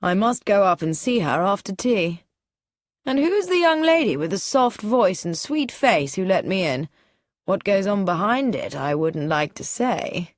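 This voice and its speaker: A woman voicing a charming, teasing young gentleman with dry wit, in an easy, amused, unhurried manner. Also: mid-range voice, sing-song, no echo.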